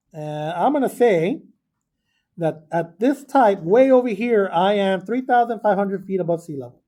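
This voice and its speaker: A man's voice: high-pitched, mellow. A male math teacher giving a chatty classroom lesson, often asking the class questions and wandering off on tangents. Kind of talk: classroom lesson, recorded for video. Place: classroom with students.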